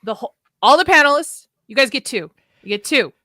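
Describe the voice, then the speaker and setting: A woman hosting a panel stream, setting the rules in a brisk way. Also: high-pitched, lively intonation, pushed and bright, no room sound. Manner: brisk, moderating. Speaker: host.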